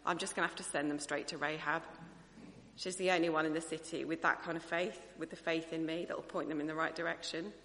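God, plain-spoken and decided, sounds as though he has settled on a fix, as a woman preacher puts him on. The tone is bright and forceful, and the voice sits fairly low. It carries a long reverb from a church hall. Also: fairly even intonation, fast talker, a little hiss or hum. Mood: resolved. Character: God, weary but decisive male deity.

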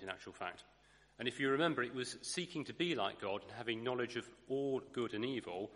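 A lower-voiced man preaches a sermon in a reverberant hall. He talks thoughtfully, corrects himself now and then and slips in dry asides. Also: a bit bright.

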